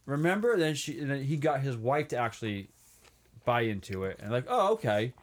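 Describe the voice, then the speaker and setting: A man's voice: mid-range voice, a little fast. A man co-hosting a casual movie podcast, adding quips and details and laughing along. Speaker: podcast co-host.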